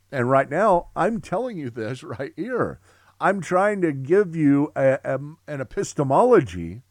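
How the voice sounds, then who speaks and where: A middle-aged man teaching a theology class, talking with excitement in long run-on sentences full of restarts. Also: fairly high pitch, dry recording, studio quality. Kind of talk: classroom lecture.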